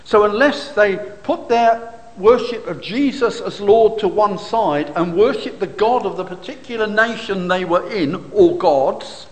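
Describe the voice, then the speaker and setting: A man's voice: sits high, a little slow. A man preaching a sermon, explaining scripture with rhetorical questions and occasional fillers. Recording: reverberant hall.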